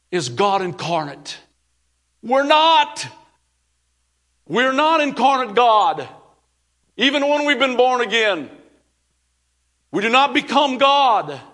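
Emphatic high-voiced male preacher. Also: a bit bright. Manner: emphatic, reads quotes then rebuts them. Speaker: pastor. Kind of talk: sermon.

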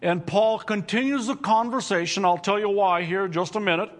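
A man preaching a sermon to his congregation, reading scripture and explaining it with slow, deliberate emphasis. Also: high voice. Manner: addresses congregation directly. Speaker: pastor.

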